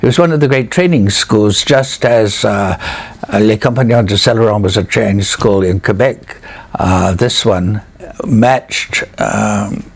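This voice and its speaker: An older Canadian man in an interview, reminiscing with frequent fillers and restarts. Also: on the low side. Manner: hesitant, many fillers, animated recollection. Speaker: interviewee, retired theatre critic.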